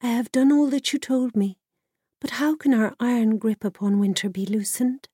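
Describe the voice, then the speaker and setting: Woman doing shy young peasant girl, soft and earnest, slightly raised pitch. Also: normal speed, breathy edge, dry recording, studio quality. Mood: solemn. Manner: shy and soft-spoken, solemn when chanting.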